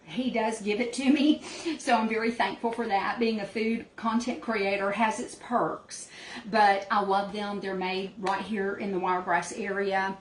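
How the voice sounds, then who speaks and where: Her voice is mid-range, flat and unhurried as she hosts a relaxed cooking demo in a small cabin kitchen. She's a chatty, homey host who says "y'all" to her audience, and the recording has echo and clear background noise.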